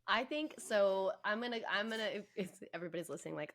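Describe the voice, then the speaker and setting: A woman's voice: medium pitch, expressive, fast, hardly any pauses, fairly bright tone. Impassioned woman podcast host and therapist. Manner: impassioned, emphatic, swears freely. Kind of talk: podcast conversation.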